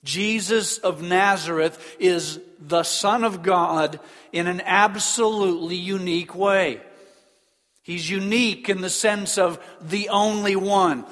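A man preaching a sermon in an earnest, emphatic way, slowing down on key phrases. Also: fairly high pitch, fairly bright tone. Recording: long reverb of a large hall.

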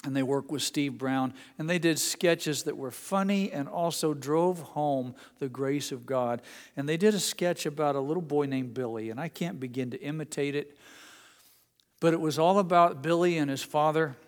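A man's voice: on the high side, normal speed. Earnest preaching man in a reverberant hall. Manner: storytelling, earnest, with Bible readings. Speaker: pastor. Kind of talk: sermon.

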